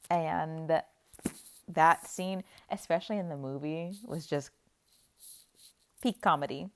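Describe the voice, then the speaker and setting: A woman's voice: low-pitched, slow pace, pauses often. Chatty young woman recapping a book. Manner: chatty and playful, acts out characters' lines. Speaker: book vlogger.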